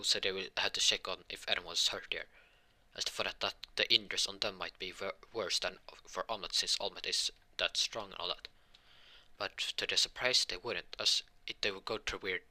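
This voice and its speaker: A man's voice: low voice, bright, forceful tone. A young man telling a fan-made story in a casual, rambling way, often restarting sentences.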